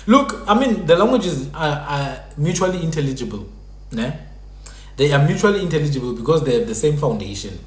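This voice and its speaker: A man's voice: on the high side, very animated, moderate pace, echoey room. A man hosting a live stream, explaining in a casual lecturing way and repeating sounds to demonstrate them. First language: Sephuthi.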